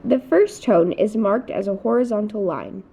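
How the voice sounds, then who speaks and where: A woman's voice: medium pitch, normal speed, gravelly, mellow, husky. A woman teaching a recorded Mandarin lesson, explaining patiently in scripted narration. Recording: dull lo-fi recording.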